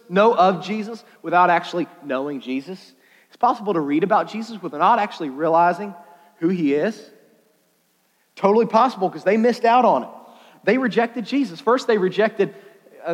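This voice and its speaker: High-voiced man preaching in a reverberant hall. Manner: casual, jokey, animated, laughs often. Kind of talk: sermon.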